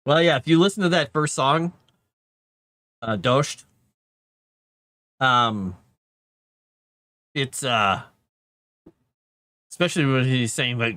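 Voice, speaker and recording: Man, bright voice, dry close sound, casual stream chat, trails off as he writes. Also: mid-range voice, expressive, takes it slowly, long pauses, no room sound. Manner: chatty, trails off mid-sentence. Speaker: author on a live writing stream. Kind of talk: casual chat while writing.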